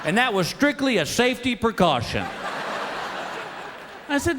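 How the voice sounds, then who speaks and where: A man's voice: sits high, sing-song, moderate pace, pauses often, a little hiss or hum. A man performing a stand-up set on stage, telling exasperated, folksy stories and acting out his wife and himself. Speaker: stand-up comedian. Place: large theater with a laughing audience. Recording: live show with loud crowd laughter.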